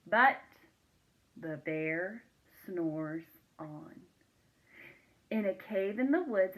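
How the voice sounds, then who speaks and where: A woman reading a children's picture book aloud, expressive and asking her listeners questions. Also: mid-range voice, low-quality recording.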